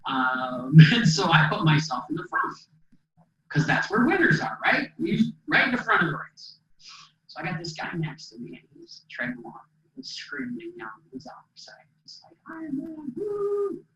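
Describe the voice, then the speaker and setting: A man from Minnesota giving an inspirational keynote speech as a motivational speaker, an animated storyteller who acts out the dialogue. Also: high-pitched, moderate pace, slight background noise. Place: presentation hall. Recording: echoey hall, distant mic, dull sound.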